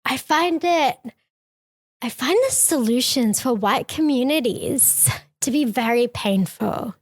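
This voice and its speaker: Lady putting on a valley girl voice, slow airy drawl, kinda high. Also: no room sound. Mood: mock earnest. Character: airy valley girl woman quoting a politician.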